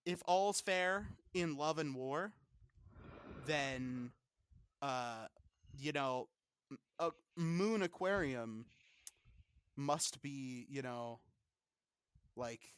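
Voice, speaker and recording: A man's voice: mid-range voice, a bit bright, clean tone, no echo. Young guy podcast cohost, swears constantly, fake cocky rants, dry close mic. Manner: profane, ranting, mock-arrogant. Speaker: podcast co-host. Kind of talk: casual comedic chat.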